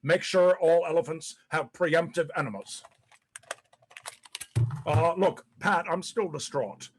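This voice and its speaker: A paranoid, disgraced old ex-president in his sixties, played by a man in a dramatic monologue. He curses freely and rambles, tripping over repeated words. His voice sits a little high. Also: slow, slight background noise. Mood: self-pitying, bitter. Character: disgraced older male ex-president, paranoid, bitter, self-pitying.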